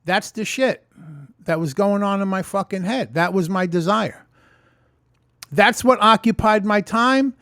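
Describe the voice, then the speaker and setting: A man's voice: high-pitched, measured pace, fairly bright tone, no room sound, clean studio sound. A man vlogging unscripted about his sobriety, talking bluntly and profanely in an emphatic rant. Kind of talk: unscripted ranting monologue.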